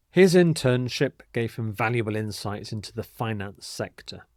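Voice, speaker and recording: A man teaching English vocabulary, speaking clearly and deliberately and modelling the pronunciation and stress of each word. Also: medium pitch, no echo, studio quality. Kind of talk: scripted vocabulary lesson.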